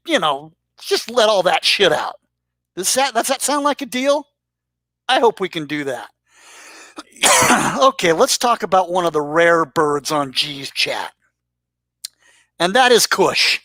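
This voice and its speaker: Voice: medium pitch, sharp tone, no echo. A YouTube commentator talking casually and crudely as he roasts the regulars of a live-stream chat, teasing and rambling. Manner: rambling with restarts. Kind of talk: casual profane roast monologue.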